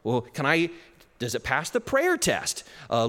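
A man preaching a sermon as pastor, animated, with chuckles and shifts in pace. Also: on the high side, slow pace. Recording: long reverb of a hall.

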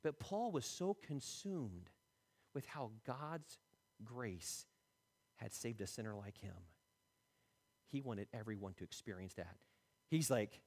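Male pastor, sermon delivery, very expressive pitch, playful asides, long hall reverb. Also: slow, pauses often. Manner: animated, acts out quotes with shifting pitch and loudness.

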